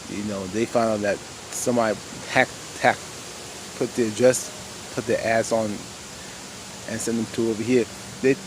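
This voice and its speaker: A man's voice: lowish voice, background noise. Rambling man recapping with heavy fillers. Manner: rambling, many "you know" fillers, addresses viewers as "y'all". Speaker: TV show reviewer. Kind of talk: casual episode recap.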